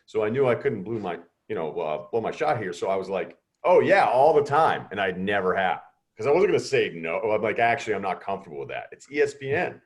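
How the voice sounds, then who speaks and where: A middle-aged man telling students a story over a video call, animated and acting out the voices of others. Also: low-pitched, fast, hardly any pauses. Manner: animated, acts out quoted voices. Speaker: guest speaker.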